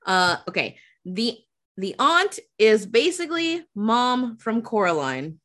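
A woman's voice: on the high side, sing-song, slow pace, fairly bright tone. A woman co-hosting a podcast, giving blunt, emphatic opinions in a casual movie chat. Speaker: podcast co-host.

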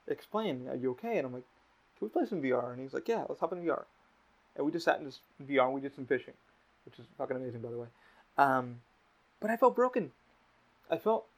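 Gravelly young man on a podcast. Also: medium pitch. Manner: emotional, swears a lot, lots of restarts. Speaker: podcast host. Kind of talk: casual podcast chat.

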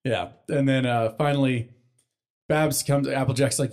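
A young man co-hosting a casual podcast recaps a cartoon episode, rambling and swearing freely and slipping into quick character voices. His voice sits in the mid-range, steady and somewhat dark.

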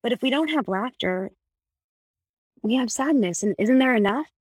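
Animated woman telling personal stories. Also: a little high, normal speed, no room sound. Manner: animated storyteller, laughs often. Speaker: podcast guest. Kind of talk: casual conversation.

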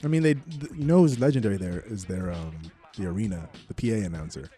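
A man's voice: on the low side, fast, dark tone, faint music behind. A male podcast guest in casual sports chat, wry and joking.

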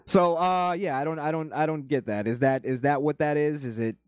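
A man's voice: a little high, smooth, no room sound. Rambling man with a very dry sound. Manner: rambling, halting, profane. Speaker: streamer reacting to a video. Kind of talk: casual reaction commentary.

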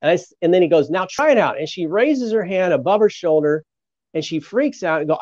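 A man's voice: high voice, lively intonation, a little fast, a little mellow, no echo. A man, a pastor, telling a story as an interview guest, acting out the voices of the people he quotes. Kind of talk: storytelling testimony. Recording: muffled lo-fi sound.

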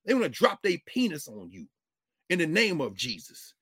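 A middle-aged man lecturing as a professor and show host, preacherly, with vernacular speech and big swings between loud and low. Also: wildly swooping pitch, moderate pace, slightly rough, dry recording. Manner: uses African American vernacular. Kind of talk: lively lecture to an audience.

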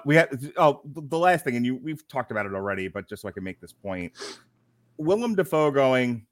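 A man's voice: medium pitch, fairly bright tone, dry recording, studio quality. A man co-hosting a casual film review podcast, talking animatedly, often laughing and acting out quotes. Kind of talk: casual chat.

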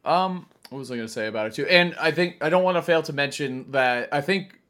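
A man co-hosting a podcast, recapping tournament results in a relaxed, conversational way. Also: on the high side, brisk. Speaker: podcast co-host. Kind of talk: casual podcast chat.

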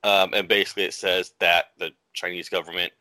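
A man's voice: sits low, flat delivery, brisk, bright, forceful tone, no echo. A man co-hosting a podcast, chatting casually and rambling with many fillers. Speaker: podcast co-host. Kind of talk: casual chat.

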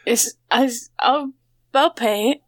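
A woman's voice: high-pitched, slow pace. A woman voicing a drunk, self-pitying divorced office worker, mopey and pleading.

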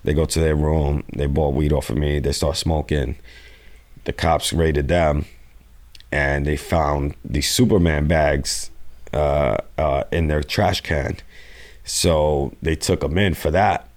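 Very deep-voiced man telling a profane story. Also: steady tone, slow. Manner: profane, rambling, acts out quotes. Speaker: guest. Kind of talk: casual storytelling interview.

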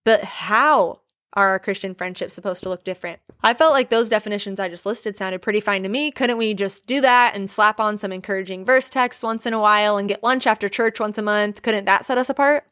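A woman prays and then teaches a Bible lesson in an earnest, conversational tone, often asking her listeners questions. Her voice sits at an ordinary middle pitch. The recording is dry and close to the microphone. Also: brisk, a bit bright, no echo.

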